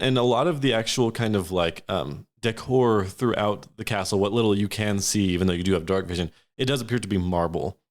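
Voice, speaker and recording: A low-voiced man runs a tabletop fantasy game as game master. He narrates scenes at length, often circling back and restarting his sentences as he describes them. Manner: descriptive, many fillers and restarts.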